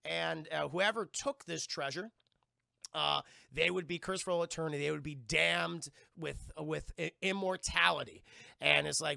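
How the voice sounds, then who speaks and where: A man casually reviewing a film for his stream's chat, with a profane, rambling, animated way of retelling scenes. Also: on the high side, moderate pace, vocal fry, no echo, studio quality.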